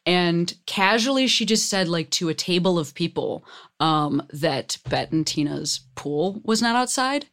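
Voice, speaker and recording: Animated, joking woman host. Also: fairly low pitch, a little slow. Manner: animated, joking, laughs often. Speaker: podcast host. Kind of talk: casual chat.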